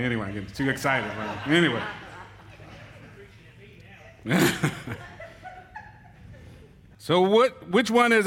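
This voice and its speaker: A man, a church elder, giving a joking, animated sermon on marriage to his congregation. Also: on the high side, slow, long pauses. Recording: reverberant hall.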